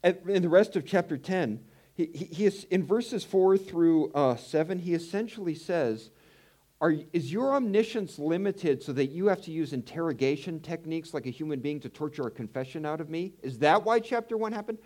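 A man preaching a conversational Bible teaching, animated and telling personal stories. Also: a little high, normal speed. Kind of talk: sermon.

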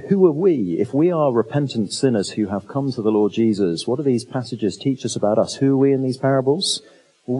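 Husky low-voiced male preacher. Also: dark tone, rough recording. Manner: conversational, asks rhetorical questions; humorous asides. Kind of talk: expository sermon.

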